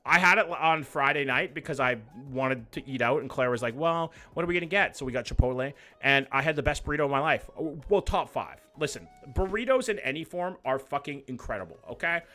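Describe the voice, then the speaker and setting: A man's voice: a little high, sharp tone. A young man hosting a livestream, reading viewer comments in loose, profane, joking banter. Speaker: livestream host. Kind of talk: casual live chat reading viewer comments.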